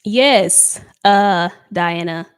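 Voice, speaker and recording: A woman's voice: on the low side, very slow, smooth. A woman hosting a tarot livestream, chatting casually and reading viewer comments aloud. She talks in a heartfelt, emotional way. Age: adult with a child. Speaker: tarot reader livestream host.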